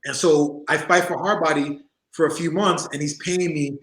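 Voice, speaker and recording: A man's voice: on the high side, moderate pace, reverberant, low-quality recording. A man in his forties, a former wrestler, telling stories in a casual interview, laughing often and acting out other people's voices. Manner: animated storyteller, acts out voices, laughs often.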